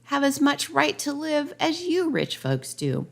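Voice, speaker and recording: A woman's voice: high-pitched, wildly swooping pitch, measured pace, creaky, pitched above the performer's own voice, full character voice. A woman voicing an anxious, earnest male governor in a rhyming storybook parody, pleading in a raised voice.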